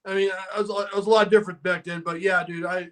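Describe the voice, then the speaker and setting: A man in his sixties hosting a podcast, chatting casually and excitably, saying "dude" a lot. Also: sits high, fast. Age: 60s. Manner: excitable, peppers speech with "dude". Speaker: podcast host. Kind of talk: casual chat.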